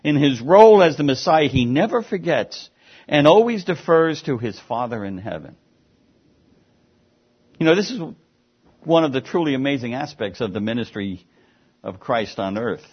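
A man's voice: medium pitch, lively intonation, normal speed, pauses often, slightly rough, lo-fi sound. A man preaching an expository sermon, explaining the text with emphatic, rising and falling delivery.

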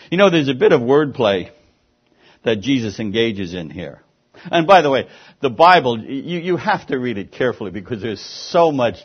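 A man's voice: mid-range voice, breathy edge, muffled recording. A man preaching an expository sermon, explaining the text with emphatic, rising and falling delivery.

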